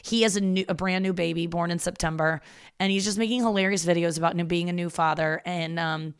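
Candid woman in her thirties, smooth voice. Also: lowish voice, fairly even intonation, a little fast. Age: 30s. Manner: candid, rambling, self-deprecating, swears freely. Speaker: podcast host. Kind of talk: casual confessional monologue.

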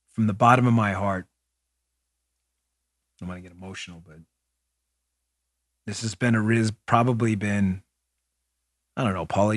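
A man's voice: on the low side, a bit bright, no room sound. Sex: man. Role: podcast host, emphatic, dry studio sound. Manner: emphatic, earnest, addresses listeners as folks; talks aside to a partner in the room. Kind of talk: political opinion commentary.

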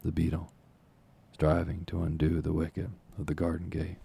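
A man narrating a classic novel as an audiobook in a measured, formal storytelling manner. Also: deep voice, completely flat delivery, gravelly, mellow, husky.

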